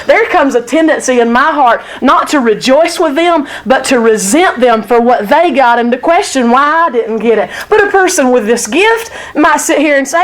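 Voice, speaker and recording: Woman, high bright voice, candid church teacher who pokes fun at herself. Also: animated, normal speed, hardly any pauses. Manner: candid, self-deprecating, full of rhetorical questions. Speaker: church Bible study teacher.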